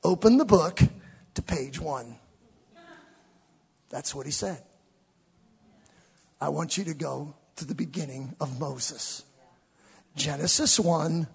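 A man with a high, gravelly, husky voice preaches a sermon. He swings from shouted climaxes to low, chatty asides and plays with the congregation. The sound carries a long church-hall reverb. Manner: conversational, playful with the congregation. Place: church sanctuary with live congregation.

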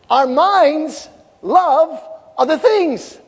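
Middle-aged male pastor, husky high voice, impassioned sermon, long hall echo. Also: moderate pace. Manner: animated preaching, shouting peaks, repeated phrases. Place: large church sanctuary.

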